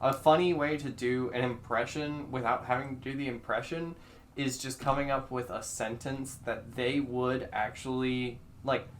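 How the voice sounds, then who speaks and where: A man's voice: medium pitch, fairly even intonation, moderate pace, slight background noise. A man hosting a podcast, chatting casually and thinking aloud with lots of fillers and restarts. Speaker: podcast host. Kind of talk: casual chat.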